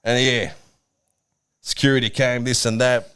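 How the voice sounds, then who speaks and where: Blunt swearing Australian bloke telling a story. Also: male voice, medium pitch, little pitch movement, a little slow, a bit bright, clean tone. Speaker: podcast co-host. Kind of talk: casual chat, storytelling.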